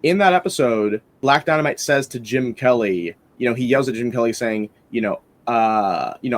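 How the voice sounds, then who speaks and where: A man's voice: mid-range voice, normal speed, hardly any pauses. A man hosting a casual film-review podcast, rambling enthusiastically with lots of fillers and restarts.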